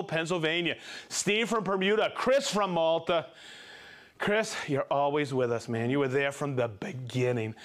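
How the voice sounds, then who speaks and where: Excitable man hosting a live stream. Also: a little high. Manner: excitable, bursts into shouts of joy; chatty, reads viewer shout-outs. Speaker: host of a live tool demo stream. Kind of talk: casual live-stream presenting.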